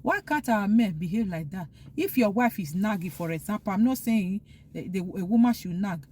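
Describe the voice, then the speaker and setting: A woman's voice: medium pitch, lively intonation, moderate pace, a little mellow, husky. A woman vlogger talking earnestly, giving heartfelt advice and repeating her points for emphasis. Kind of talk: casual opinion monologue.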